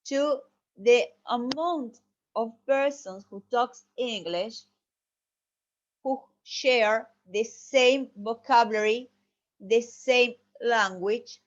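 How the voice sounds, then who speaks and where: A woman with Spanish as her first language giving a recorded class presentation on phonetics, careful and halting, often correcting herself. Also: fairly high pitch. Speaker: student presenter. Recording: dull lo-fi audio.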